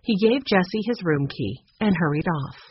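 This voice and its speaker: A woman narrating a storybook with a low, husky voice. The recording is muffled and lo-fi. Her telling is steady and even. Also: normal speed, no echo. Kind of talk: audiobook narration. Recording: muffled lo-fi audio.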